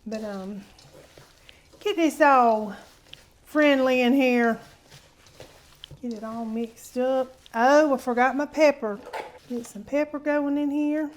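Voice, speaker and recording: A woman's voice: high-pitched, slow pace, pauses often, slight background noise. A woman hosting a casual cooking demonstration in her home kitchen, chatty and homey, calling viewers honey. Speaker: cooking show host.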